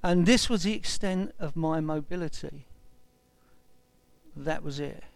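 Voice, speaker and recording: A man's voice: a little high, measured pace, gravelly. A man in his sixties tells a personal testimony and acts out the dialogue as he recounts it. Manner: retells events with lively quoted dialogue.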